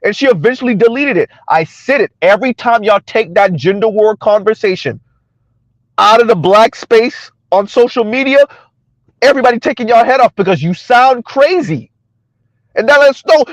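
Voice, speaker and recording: High-voiced blunt man lecturing. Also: lively intonation, normal speed, dry recording. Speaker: commentary channel host. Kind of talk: casual social media commentary. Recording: dry, dull lo-fi sound.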